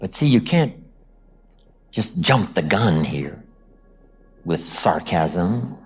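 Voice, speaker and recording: Animated older man giving a motivational talk. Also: medium pitch. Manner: animated, acts out quotes with dramatic pauses. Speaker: motivational speaker.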